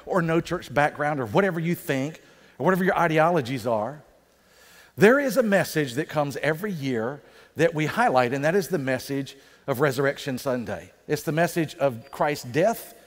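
A male pastor preaching a sermon in a conversational way, slowing down for emphasis. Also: a little high. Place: church sanctuary. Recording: reverberant church sanctuary.

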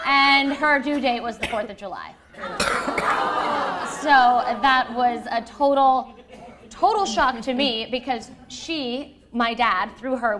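A woman in her thirties, a guest telling a personal story in a lively, animated way, often laughing. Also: fairly high pitch. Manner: lively, acts out quoted voices, laughs often.

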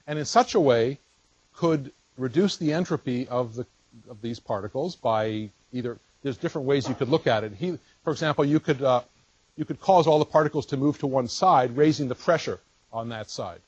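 Male lecturer, colloquium talk, explains with pauses and restarts, slightly husky voice. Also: medium pitch, a little mellow, no room sound, highs cut off. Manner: explanatory, thinks aloud with fillers and restarts. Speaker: physics lecturer.

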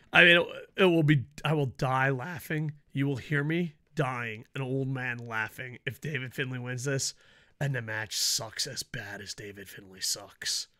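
A man giving a casual, profane wrestling preview rant, mocking and swinging between loud outbursts and low mutters. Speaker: wrestling vlogger.

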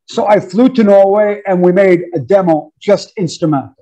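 Male guest in his 50s from New York; high-ish, mellow voice, loose anecdotal delivery. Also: moderate pace, few pauses, lo-fi sound. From New York, USA. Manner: animated, laughing, slangy. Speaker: drummer, interview guest. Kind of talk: casual storytelling interview.

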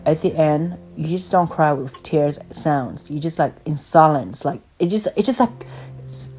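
A woman's voice: low voice, darkish tone. A woman hosting a podcast, talking in a rambling, blunt casual chat over the phone and swearing freely. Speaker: podcast host.

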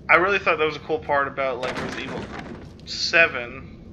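A man's voice: medium pitch, fairly quick, background noise. A man giving casual gameplay commentary, rambling and self-interrupting, full of fillers. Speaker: let's play host.

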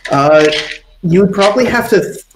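A man narrating as game master of a tabletop game, relaxed and rambling with plenty of fillers. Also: sits high, moderate pace, reverberant, noisy background.

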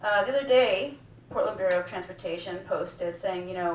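A woman's voice: on the low side, a little fast. A woman hosting a comedy night and doing stand-up, ranting bluntly with plenty of swearing in a small cafe room. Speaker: guest host and stand-up comedian. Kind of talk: stand-up set. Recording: roomy, distant with faint room noise.

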